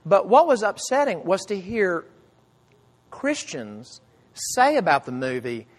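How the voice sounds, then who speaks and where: A man delivers a sermon in an earnest, emphatic way, his slightly high voice carrying through a hall with a long reverb. He rises to loud cries and then sinks to quiet, low phrases. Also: huge pitch swings, measured pace. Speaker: pastor.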